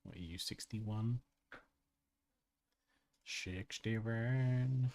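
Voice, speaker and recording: Man, low-ish voice, livestream tutorial host, casual chat, self-mocking, laughs a lot. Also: lively intonation, normal speed. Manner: chatty and self-mocking, laughs often, reads out chat comments.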